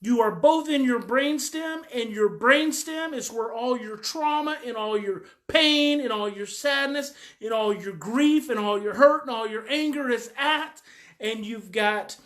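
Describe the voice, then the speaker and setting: A woman's voice: a little high, a little slow, a bit bright. A woman coach giving a frank, emphatic daily talk, repeating her key points and swearing a little. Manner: emphatic and repetitive. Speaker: parenting coach.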